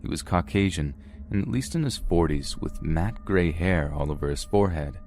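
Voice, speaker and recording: A man reading a first-person horror story in a steady, measured way. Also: deep voice. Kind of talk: scripted first-person narration.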